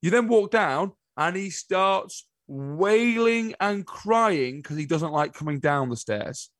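A man chatting casually as a co-host, his voice sitting a little high. He tells stories with animated, exasperated asides, recorded close and dry with no room echo. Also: slow pace. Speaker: podcast co-host. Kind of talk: casual chat.

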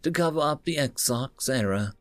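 Measured, duty-bound captain, read by a male narrator, slightly raised pitch, dry. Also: animated, a bit bright, no echo, faint music behind, natural voice. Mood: grave.

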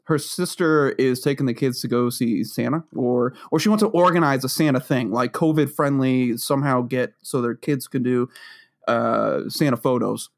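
A man's voice: mid-range voice, normal speed, creaky. A man co-hosting a podcast, telling a story in casual chat with lots of laughter and acted-out quotes. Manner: animated storyteller, laughs often, acts out quotes. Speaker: podcast co-host.

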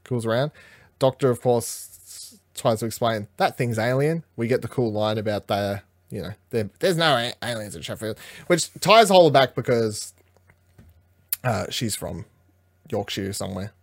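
A man's voice: mid-range voice, expressive, normal speed, long pauses, no room sound, clean studio sound. A man co-hosting a casual episode recap, rambling, swearing freely and acting out the characters' lines. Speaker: podcast co-host.

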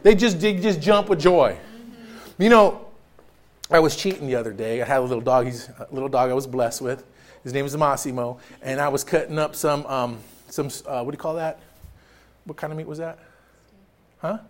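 A man's voice: on the high side, moderate pace, pauses often. A man preaching a sermon as pastor in a church, joking and storytelling with frequent laughter. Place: church sanctuary.

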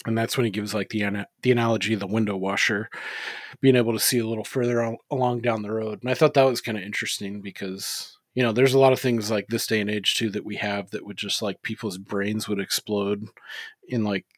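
A man's voice: fairly low pitch, level tone, fast, no room sound. A man co-hosting a casual movie podcast, rambling with lots of fillers and swearing freely. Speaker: podcast co-host.

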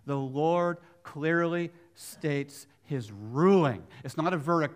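A man's voice: medium pitch, expressive, normal speed, few pauses. Dramatic middle-aged male pastor preaching. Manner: dramatic swings from near-whispers to loud emphatic bursts; conversational asides, rhetorical questions. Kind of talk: sermon.

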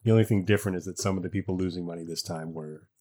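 A man's voice: sits low, fairly even intonation, rapid-fire, mellow. A man co-hosting a casual chat, teasing his partner with a wry manner and ready laughter. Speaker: podcast co-host.

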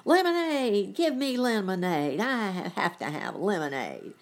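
A woman voicing a bad, greedy male creature in a children's storybook, shouting his demands. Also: mid-range voice, sing-song, measured pace, creaky, pitched above the performer's own voice.

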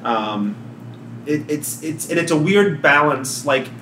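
A man co-hosting a casual podcast discussion, talking in halting restarts with animated asides. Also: on the high side. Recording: roomy and distant with faint noise.

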